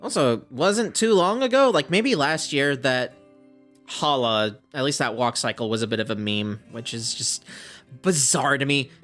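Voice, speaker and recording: A man's voice: medium pitch, expressive, unhurried, a bit bright, soft background music. A man giving casual gameplay commentary, chatty and self-deprecating, with laughing asides. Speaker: let's play host.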